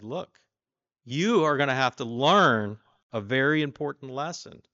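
A man preaching in a casual, conversational way, stopping often to put questions to his listeners. His voice sits at a middle pitch and sounds dry and close, with a slightly dull, muffled tone. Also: dry recording. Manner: voices the king boastfully, louder and higher. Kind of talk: informal sermon with scripture reading.

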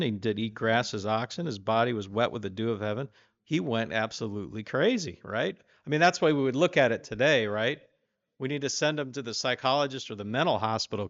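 A man's voice: no room sound, highs cut off. Man preaching a conversational Bible talk. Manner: conversational, asks the listeners questions; voices the king boastfully, louder and higher. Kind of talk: informal sermon with scripture reading.

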